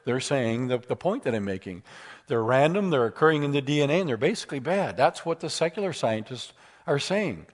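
A man giving a lecture with slides at a seminar, animated and telling humorous stories. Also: medium pitch, quick pace. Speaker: speaker at a seminar.

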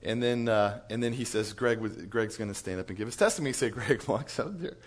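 Animated man telling a church story. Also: on the low side, fairly quick. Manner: animated storyteller, chuckles through his story. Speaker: church staff speaker. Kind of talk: storytelling talk to church leaders.

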